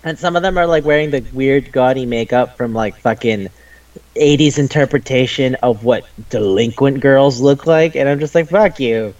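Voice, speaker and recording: A man co-hosting an anime podcast in casual chat, retelling scenes in an excitable, profane way. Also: medium pitch, moderate pace. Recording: dull lo-fi audio.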